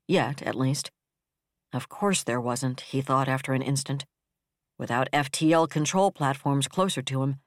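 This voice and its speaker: An audiobook narrator reading military science fiction in a steady, even storytelling manner. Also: mid-range voice, no echo, studio quality.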